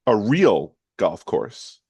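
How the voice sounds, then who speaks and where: A young man with a very deep voice co-hosts a casual podcast, tossing in quick agreements and easygoing questions. His voice is recorded dry and close. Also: very animated, a little mellow, breathy edge, dry recording. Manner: brief agreeing interjections, easygoing. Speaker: podcast co-host. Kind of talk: casual chat.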